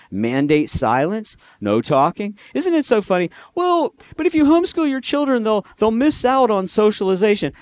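A man's voice: a little high, dry recording. A middle-aged man giving a sarcastic talk to a live audience, mimicking other people's voices. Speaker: speaker addressing a live audience.

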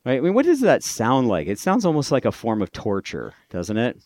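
A man's voice: mid-range voice, wildly swooping pitch, a little fast, darkish tone, no room sound, studio quality. A middle-aged man giving a sarcastic talk to a live audience, mimicking other people's voices. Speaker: speaker addressing a live audience.

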